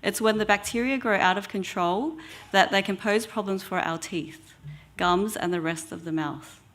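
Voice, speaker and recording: A woman, an oral health therapist giving an educational talk in a measured way with frequent ums. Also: medium pitch, a bit bright.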